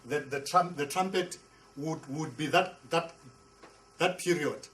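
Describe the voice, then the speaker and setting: Pastor guy lecturing a bible class, kinda high voice, stops and restarts a lot, faint hiss. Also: unhurried, a bit bright, low-quality recording. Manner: repeats and restarts words, emphatic, asks the class questions. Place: classroom with a board.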